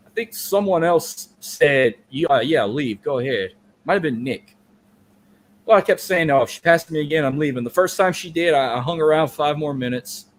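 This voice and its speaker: A man's voice: fairly high pitch, lively intonation, moderate pace. A man co-hosting a podcast, telling a long story in casual, profane, rambling chat. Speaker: podcast co-host.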